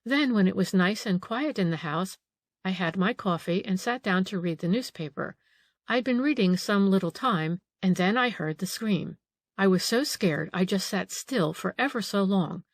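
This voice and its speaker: A woman's voice: medium pitch, expressive, moderate pace, no room sound. A woman voicing a frightened middle-aged female housekeeper in an audiobook, anxious and eager to please. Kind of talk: audiobook character reading.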